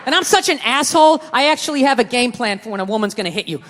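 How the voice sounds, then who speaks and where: A man performing a stand-up routine, telling a story with animated, profane delivery and a constant "right?". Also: very high-pitched, quick pace. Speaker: stand-up comedian. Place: theater stage before a live audience. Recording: reverberant hall with crowd.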